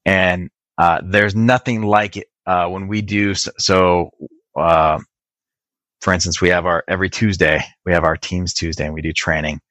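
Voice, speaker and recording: A man speaking as a podcast guest, earnest and halting, with many restarts. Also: sits low, flat delivery, fairly bright tone, no room sound. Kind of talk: podcast interview.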